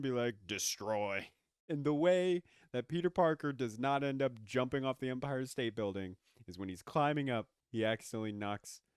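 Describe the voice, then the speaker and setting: A young man giving casual movie commentary, excitable and sarcastic, swearing often. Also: on the high side, smooth, dry recording, clean studio sound. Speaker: movie reviewer.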